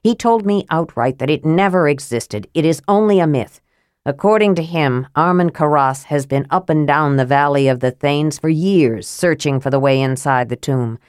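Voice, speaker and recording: A woman's voice: deep voice, normal speed, a little mellow, clean tone, dry recording, clean studio sound, pitched below the performer's own voice, lightly acted. A stern knight, as a woman reads him. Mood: insistent. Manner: firm, insistent. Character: stern, earnest male knight.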